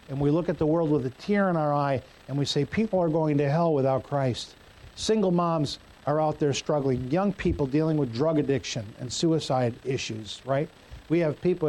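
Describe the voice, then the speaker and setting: A man's voice: a little high, darkish tone, rough recording. A male pastor preaching a sermon in a church, conversational and joking with the congregation.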